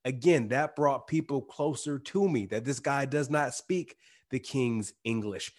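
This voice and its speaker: A man with a slight twang speaks as a guest in a relaxed interview. His voice sits at an ordinary middle pitch. He talks in a loose, slangy way and often restarts his sentences. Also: unhurried. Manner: casual, uses slang, restarts mid-sentence. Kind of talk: casual interview chat.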